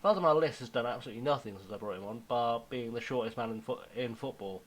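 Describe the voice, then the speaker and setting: A young man giving casual, self-mocking commentary on his football management game, now and then dropping to a hushed aside. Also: mid-range voice, quick pace, slight background noise, poor audio. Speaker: gaming YouTuber.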